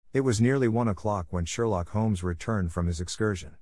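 A man reading a classic story aloud as a steady, measured audiobook narrator. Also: lowish voice, no echo, studio quality. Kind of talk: scripted narration.

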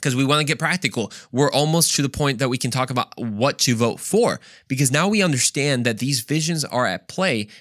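A man's voice: medium pitch, animated, brisk, hardly any pauses, fairly bright tone, no room sound, studio quality. A man hosting a Christian podcast, talking emphatically in a monologue, firing off rhetorical questions and often repeating himself. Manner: repeats words and restarts often. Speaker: podcast host.

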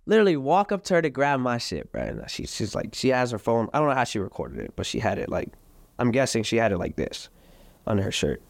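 A young man in his twenties, telling a story in casual chat with a lot of street slang and fillers, and acting out the other people's lines in a higher voice. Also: fast, gravelly, dry recording. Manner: animated, acts out the other side's lines in a high voice. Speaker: boxer and podcast guest.

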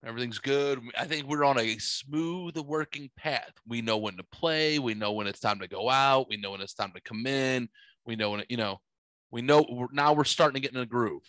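A man's voice: mid-range voice, brisk, dry recording, low-quality recording. A man in his forties telling a long story in casual chat, rambling and full of swearing. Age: 40s. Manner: profane, rambling, animated storyteller.

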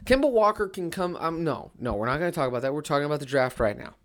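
Woman, solo sports podcast host; low voice, casual, worked-up and emphatic. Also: fast talker, hardly any pauses. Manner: excitable, emphatic, repeats key phrases.

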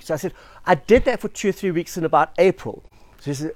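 Chatty, fairly high-voiced male pastor. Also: fast, a little mellow, no echo. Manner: chatty storytelling with self-deprecating asides. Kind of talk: sermon.

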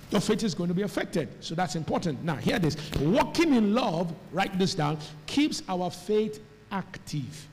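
Nigerian male pastor, high voice, preaching call-and-response, reverberant hall. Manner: preaching with call and response, rising to shouts, mimicking Pidgin speech. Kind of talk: sermon. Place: church hall with congregation.

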